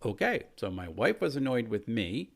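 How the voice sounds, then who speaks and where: A man tells a story from his tabletop game as its game master. His voice sits at an ordinary middle pitch. He keeps a relaxed, chatty manner with casual fillers. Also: moderate pace, creaky.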